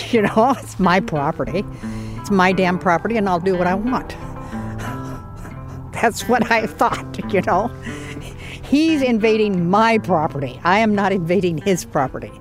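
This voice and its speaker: A woman's voice: mid-range voice, expressive, moderate pace, music in the background. A woman, a property owner, telling her story in a blunt, defiant and wry way. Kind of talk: storytelling interview.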